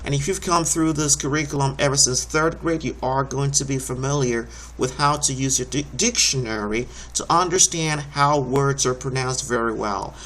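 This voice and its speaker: A man's voice: medium pitch, moderate pace, hardly any pauses, a bit bright. A man teaching a recorded homeschool lesson, explaining each step patiently and encouragingly.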